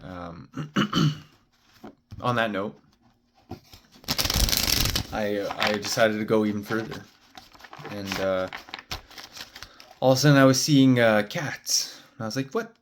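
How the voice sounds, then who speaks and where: A man's voice: on the low side, takes it slowly, pauses often, background noise. A man, a spiritual card reader, telling a meandering story in casual talk, full of "uh" and "like". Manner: meandering, heavy on "uh" and "like" fillers.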